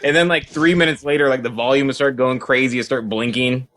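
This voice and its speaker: A man's voice: medium pitch, steady tone, a little fast, a bit bright. A man co-hosting a podcast who chimes in with wry, teasing remarks during casual chat. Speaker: podcast co-host.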